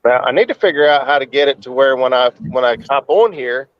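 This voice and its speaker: A man's voice: medium pitch, animated, clean tone, no echo. Man on a muffled phone audio. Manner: easygoing, slightly halting. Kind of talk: casual chat. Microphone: phone held to face in a car.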